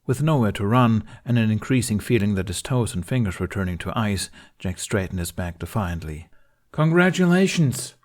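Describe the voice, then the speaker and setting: Man, deep-ish voice, steady measured story narration, fan fiction reading. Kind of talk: scripted narration.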